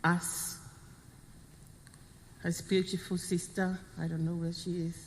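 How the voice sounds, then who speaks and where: A middle-aged woman with a Samoan accent giving a funeral eulogy as the widow, speaking in short, halting, heartfelt phrases and slipping into Samoan. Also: lowish voice, flat delivery, slight background noise. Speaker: widow of the deceased. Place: funeral service venue. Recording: long reverb of a funeral hall.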